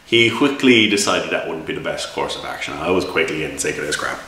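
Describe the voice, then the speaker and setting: A man's voice: extremely low pitch, animated, a little fast, bright, forceful tone, a little hiss or hum. An Irish man telling a long, exasperated story about a tabletop game, with many restarts and repeated words. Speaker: game reviewer and game master. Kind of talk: casual spoken review. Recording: echoey room, mic set far off.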